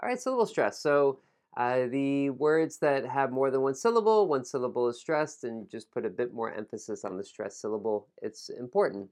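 Man teaching pronunciation with slow drills. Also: mid-range voice, animated, darkish tone. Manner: slow, deliberate modeling of words, casual asides. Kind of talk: pronunciation lesson, listen and repeat drills.

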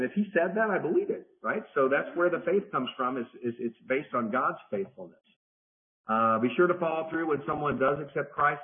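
Man teaching a Bible study over phone-like audio. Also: mid-range voice. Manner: conversational, repeats and restarts phrases. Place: church study group, partly remote.

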